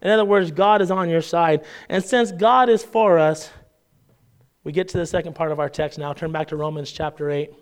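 A man's voice: fairly high pitch, moderate pace, clear, resonant tone. A man preaching a sermon, retelling stories and acting out the characters' voices as he goes. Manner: animated storytelling, acts out the characters' voices.

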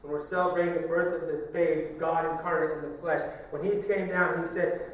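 A man's voice: on the high side, steady tone, fairly quick, hardly any pauses, a little hiss or hum. A middle-aged man, a pastor, preaching a conversational sermon full of questions and asides. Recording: echoey church hall, from a distance.

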